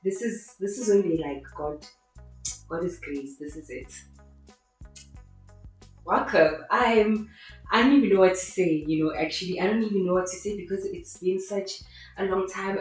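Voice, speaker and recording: A woman hosting her own podcast in an excitable, rambling way, with faith-filled asides. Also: medium pitch, normal speed, pauses often. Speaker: podcast host. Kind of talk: casual solo podcast monologue. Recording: very echoey room with faint music.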